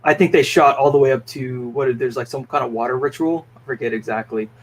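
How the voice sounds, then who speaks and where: A man's voice: medium pitch, brisk, slight background noise. A man hosting a film podcast, talking through his thoughts in a thoughtful, hedging way. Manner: thoughtful, hedging, many fillers and restarts. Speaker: podcast host. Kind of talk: casual film review chat.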